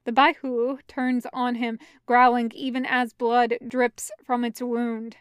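A woman reading fan fiction aloud as a podfic, in a steady, even narration. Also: on the high side, takes it slowly, clear, resonant tone, dry recording, clean studio sound. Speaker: podfic reader.

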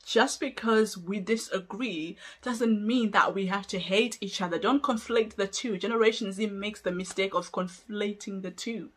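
Husky-voiced woman arguing emphatically. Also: medium pitch, moderate pace, hardly any pauses. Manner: emphatic, argumentative, full of rhetorical questions; laughs between points. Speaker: podcast host. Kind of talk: solo podcast monologue.

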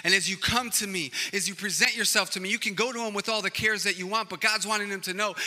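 Bright-voiced male pastor preaching in a hall. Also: high voice, steady tone, quick pace, few pauses. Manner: swings from loud, rising preaching to hushed near-whispers. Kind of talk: sermon. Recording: reverberant hall with music behind.

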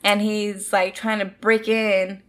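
A woman in casual chat about a movie, animated, swearing freely and acting out lines from it. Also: medium pitch, slow pace. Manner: animated, swears, acts out quotes.

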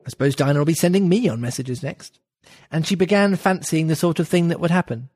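A man co-hosting a casual chat, reading a book aloud in an animated way. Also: a little high, fast. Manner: animated reader who does voices. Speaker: podcast co-host reading aloud.

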